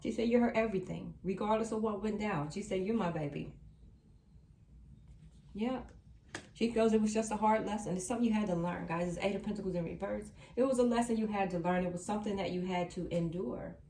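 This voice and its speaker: A woman's voice: mid-range voice, brisk, warm tone, slight background noise. Reassuring woman giving a tarot reading. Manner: repetitive, reassuring, emphatic. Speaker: tarot reader. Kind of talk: tarot card reading to viewers. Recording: roomy sound from a distant mic.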